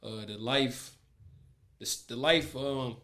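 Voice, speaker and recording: A man's voice: medium pitch, a little slow, pushed and bright. A man talking in a laid-back, rambling way with heavy slang, in a casual conversation on a podcast.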